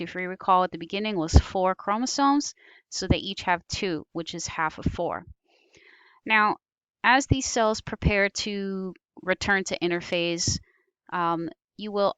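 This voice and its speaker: A woman's voice: fairly low pitch, fairly bright tone, smooth, no room sound. A woman teaching biology over slides, explaining patiently with occasional ums and self-corrections. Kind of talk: recorded slide lecture.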